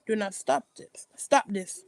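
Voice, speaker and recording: A middle-aged mother gently reasons with her grown son, as a woman vlogger quotes her. The voice stays near the speaker's own, a little higher. The recording is dry and close. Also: unhurried, vocal fry, no echo. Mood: gentle reproach.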